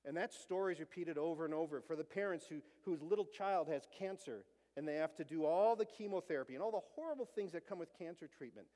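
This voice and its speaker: Middle-aged male pastor, high voice, earnest storyteller, sermon in a reverberant sanctuary. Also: fast, hardly any pauses, warm tone. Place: church sanctuary. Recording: long church reverb.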